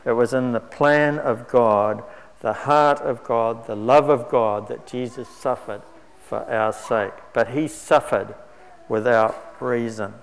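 A man preaches a sermon at an unhurried, deliberate pace, his voice in a middle register. He is earnest and measured, pushing harder on the words that matter. A long reverb trails after each phrase, as in a large hall. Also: medium pitch, clear, resonant tone. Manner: measured, earnest, emphatic rises on key words.

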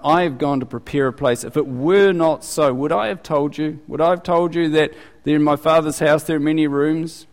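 A man delivers a sermon in a relaxed, talkative way, his voice sitting a little high. He lifts his pitch when he voices the questions of others. The sound carries a long hall reverb. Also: gravelly. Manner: conversational, animated, rising in pitch for quoted questions. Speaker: pastor.

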